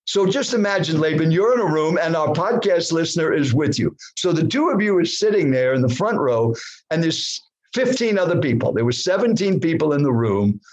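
A man's voice: fairly high pitch, brisk, slightly rough, rough recording. A man in his seventies, a podcast guest, telling his story dramatically and putting questions straight to the host and the listener. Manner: animated, addresses the host directly, poses questions to the listener. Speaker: guest speaker.

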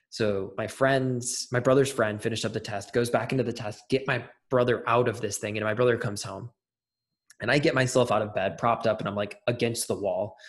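A young adult man with a lowish voice is a guest in an interview, telling a personal story in casual conversation. He uses many fillers and often restarts his sentences.

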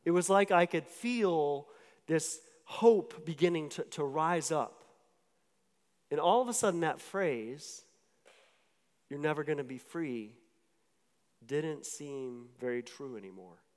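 A pastor with a somewhat high voice and lively intonation gives a sermon as personal testimony, speaking slowly with long pauses. He tells his story conversationally, full of filler words and repeated restarts, under long hall reverb.

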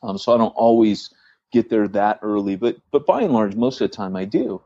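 A man co-hosting a podcast tells a story in a relaxed, rambling way. He stumbles over restarts and acts out the dialogue of the people in it. His voice comes through dry and a little dull, like a modest home setup. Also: on the low side, brisk, dry recording. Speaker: church planter podcast co-host. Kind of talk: casual storytelling chat.

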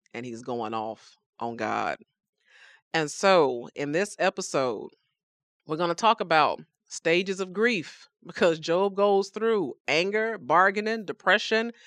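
A woman's voice: low voice, a bit bright, dry recording, clean studio sound. A woman teaching the Bible on a podcast, emphatic and speaking to her listeners as believers.

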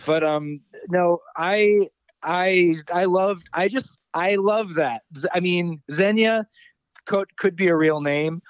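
A man with a slightly higher voice talks loosely on a podcast, wandering through his thoughts and dropping the odd curse. The sound is dry and a little dull, like a modest home mic. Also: slow pace, clear, resonant tone, no echo. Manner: rambling, laughs easily, swears. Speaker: podcast co-host. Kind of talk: casual chat.

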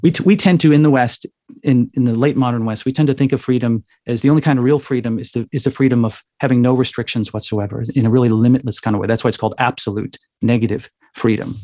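A man's voice: mid-range voice, fast talker, mellow, dry recording, studio quality. A man as an interview guest, talking in a thoughtful, lecturing way and often checking in with "right?". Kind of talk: interview answer, explanatory.

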